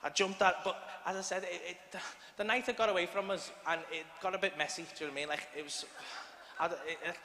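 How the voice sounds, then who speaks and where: English male stand-up in his 30s, high voice, rambling and sweary, live arena sound with long reverb. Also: steady tone, fast talker, sharp tone, a little hiss or hum. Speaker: stand-up comedian. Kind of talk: stand-up storytelling. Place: large arena stage. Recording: echoey arena, live audience.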